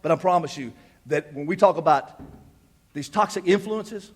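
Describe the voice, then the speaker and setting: A middle-aged man preaching a sermon in church as pastor, emphatic, repeating words as he builds, swinging between hushed asides and loud declarations. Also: on the high side, moderate pace, husky. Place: church sanctuary.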